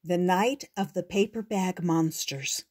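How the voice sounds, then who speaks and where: An older woman reading a children's picture book aloud in a gentle, expressive storytelling voice. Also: lowish voice, unhurried, breathy edge.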